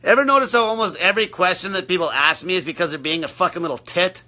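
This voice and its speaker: Brash, profane man with a sharp, high voice. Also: fast talker. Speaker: diet coach answering viewer questions. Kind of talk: livestream Q&A.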